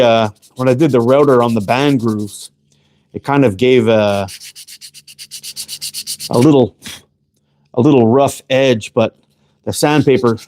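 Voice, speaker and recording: Leaning close to the camera to catch the chat, a slingshot maker runs a casual livestream from his workshop. His voice is medium-pitched and darkish; he chats loosely, swears a lot, and greets viewers by name in a laid-back way.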